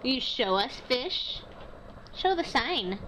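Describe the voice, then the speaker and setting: Slow, lively-voiced mother coaxing a toddler. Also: high voice. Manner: slow, coaxing, exaggerated word naming. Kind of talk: reading a picture book to a toddler. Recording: noisy home video.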